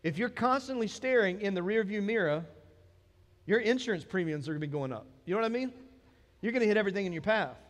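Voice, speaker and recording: A man's voice: high-pitched, animated, quick pace. A man with a Southern American accent preaching a sermon as pastor of a church, in a conversational way that builds to emphatic points. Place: church sanctuary. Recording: long hall reverb.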